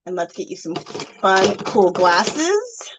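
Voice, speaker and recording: A woman's voice: mid-range voice, big pitch swings, slow pace, noisy background. A woman hosting a casual craft live stream, gushing thanks to viewers and counting aloud.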